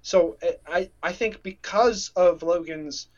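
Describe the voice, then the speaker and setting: A man's voice: high-pitched, slow pace, darkish tone. A man co-hosting a casual podcast chat, rambling and restarting sentences as he gets emotional. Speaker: podcast co-host. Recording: dull lo-fi sound.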